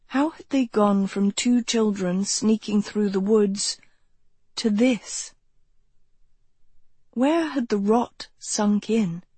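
Slow, husky woman reading a novel. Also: mid-range voice, dark tone, dry recording. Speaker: audiobook narrator. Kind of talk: scripted audiobook narration.

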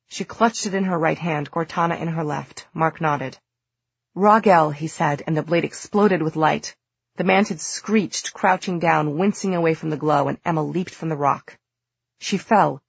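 A woman narrating an audiobook in a steady, measured storytelling manner. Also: low voice, creaky, breathy edge, no echo, dull audio.

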